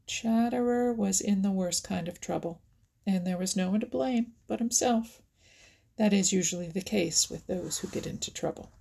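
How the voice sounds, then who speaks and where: A woman narrating a children's animal story in a gentle storybook manner, often dropping to a whisper. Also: medium pitch, normal speed, creaky, husky.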